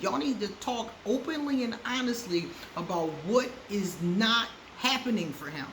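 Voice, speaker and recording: In a casual chat, a woman who vlogs astrology advice speaks bluntly to viewers about relationships, laughing a lot and repeating words to stress them. She has a mid-range, animated voice at a moderate pace with few pauses, and the room echoes over faint background noise.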